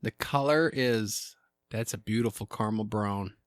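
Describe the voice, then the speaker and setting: A man hosting a casual podcast, joking and animated, with salty language. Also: on the low side, normal speed, smooth, dry recording, clean studio sound. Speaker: podcast host. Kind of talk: casual chat.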